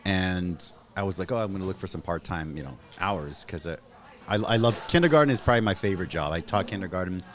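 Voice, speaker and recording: A Canadian man in his thirties hosting a casual chat, telling stories with animated acted-out quotes. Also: deep voice, fast talker. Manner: animated storyteller, acts out quotes. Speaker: host.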